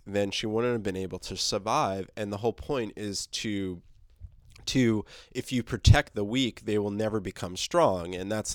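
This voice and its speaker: A man's voice: fairly low pitch, no echo, clean studio sound. A man casually recapping a comic book, rambling with fillers and restarts. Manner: rambling, many fillers, laughs, swears.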